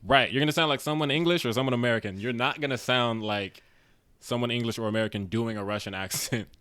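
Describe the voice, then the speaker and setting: A man talks through a film with his co-hosts in a loose, casual way, dropping wry jokes as he goes. His voice sits at a middle pitch. The sound is close and dry, with no room around it. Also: fast talker, a bit bright, clear, resonant tone, dry recording. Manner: joking, wry asides. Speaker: podcast co-host. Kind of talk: casual movie review chat.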